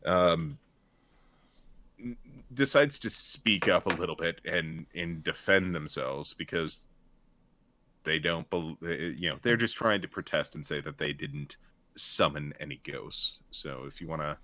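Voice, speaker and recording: A man narrates a tabletop game as its game master. His voice is deep, and his delivery is relaxed and loose. The sound is dry and close. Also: unhurried, no room sound.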